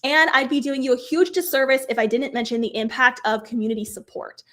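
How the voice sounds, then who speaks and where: Upbeat chatty woman, slightly high. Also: fairly even intonation, brisk, a bit bright. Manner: chatty, upbeat, self-deprecating. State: slightly hoarse, losing her voice. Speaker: craft workshop host. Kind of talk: live craft tutorial.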